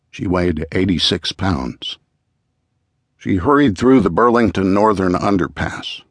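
A man narrating a true-crime audiobook in a measured, even storytelling manner, close to a studio mic. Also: deep voice, no echo.

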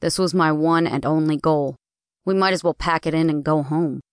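A woman's voice: sits low, moderate pace, clear, resonant tone, no room sound, studio quality, lightly acted. A woman narrator voicing an earnest young man who is eager but easily discouraged. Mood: defeated. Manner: eager, then flat and defeated.

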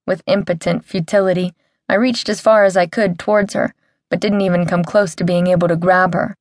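Low-pitched woman narrating with dry, close sound. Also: fairly quick, no echo. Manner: wry, comic storytelling with lively character voices. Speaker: audiobook narrator. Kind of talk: first-person audiobook narration.

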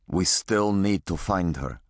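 A weary, dying old father speaks in a deep, thick Russian-accented voice. A man puts him on as an audiobook figure, heard close and dry. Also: slow, no room sound. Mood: urgent.

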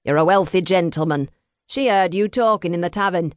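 A woman narrator voicing a gruff, threatening male trickster who holds a pistol, in an audiobook. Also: lowish voice, a little fast, no room sound, studio quality, lightly acted. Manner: gruff, demanding. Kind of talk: audiobook character voice.

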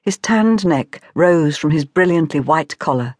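A woman narrating a comic audiobook in a wry, measured storytelling manner on a close studio mic. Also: low voice, lively intonation, darkish tone, no room sound.

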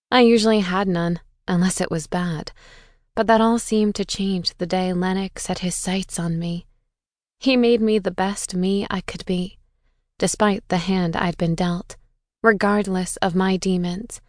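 A woman's voice: lowish voice, no echo, studio quality. A woman reading a first-person audiobook with an intense, bitter, dramatic delivery. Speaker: audiobook narrator.

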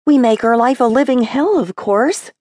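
A woman voicing a blunt, sharp-tongued seventeen-year-old girl in a brisk, scolding manner. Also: fairly high pitch, lively intonation, pitched above the performer's own voice. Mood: wry.

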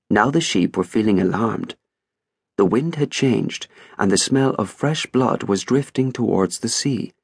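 A man narrating an audiobook in an expressive, wry storytelling manner. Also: lowish voice, a little slow, gravelly, husky, no room sound, studio quality. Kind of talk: scripted narration.

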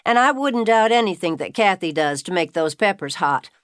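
A woman narrator voicing a young beauty shop owner who chats brightly and goes quiet when uneasy. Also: on the low side, expressive, normal speed, dry recording, clean studio sound, close to an everyday voice. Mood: chatty.

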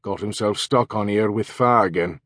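A man's voice: on the low side, moderate pace, a bit bright, no echo, studio quality. A man voicing a chatty, familiar villager.

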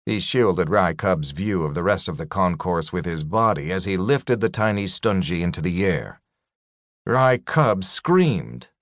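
A male audiobook narrator giving a measured, expressive reading of a science fiction story. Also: low-pitched, dry recording, clean studio sound. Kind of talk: scripted narration.

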